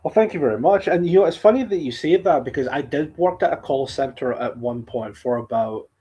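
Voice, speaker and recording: A man with a soft central-belt Scottish accent hosting a casual podcast, easygoing and quick to laugh. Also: on the high side, animated, husky, highs cut off. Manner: soft-spoken, laughs often. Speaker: podcast host.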